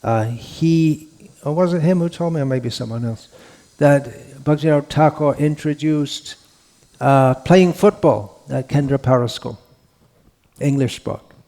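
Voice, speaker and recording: A man giving a scriptural lecture in an unhurried, rambling way, with frequent restarts and fillers. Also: fairly high pitch, vocal fry, dark tone. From India. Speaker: monk lecturer.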